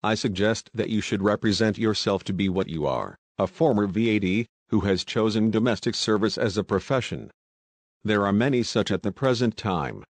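A man reading a formal gentleman's letter of advice in a storybook, measured and polite. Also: on the low side, no room sound. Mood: advising.

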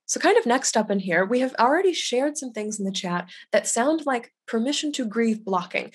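A young adult woman hosting a webinar on loss, speaking gently and with validation as she reads out chat comments over a video call. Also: a little high, animated, moderate pace, few pauses, husky. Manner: gentle and validating, quotes others' words aloud. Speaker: grief educator hosting a webinar.

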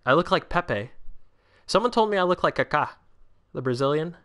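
A man's voice: on the high side, moderate pace, smooth. A nineteen-year-old man hosting a casual livestream, chatting with viewers and reading their comments aloud. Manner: chatty, answers chat, bursts out excitedly at big chances. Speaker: livestream host.

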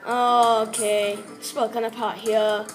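A woman with a fairly high voice talks through her gameplay in a loose, rambling way. Her English is broken, and she often talks to herself mid-play. Lively game music runs behind her. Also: measured pace. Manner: rambling, broken English, chatty with self-talk. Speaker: gameplay commentator. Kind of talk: casual game commentary.

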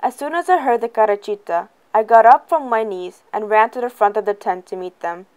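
A woman reading a first-person novel aloud in a plain, even way. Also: mid-range voice, brisk. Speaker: reader.

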